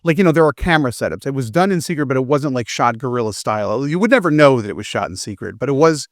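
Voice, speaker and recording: A man's voice: mid-range voice, animated, fast, no echo, clean studio sound. A man, a film reviewer, chatting casually on a podcast and acting out characters' lines as he retells a plot.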